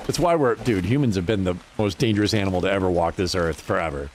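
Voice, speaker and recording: With a little hiss or hum on the audio, a young streamer from New Hampshire talks fast in a low voice while playing a game. He casually swaps animated, swear-laden stories and laughs often.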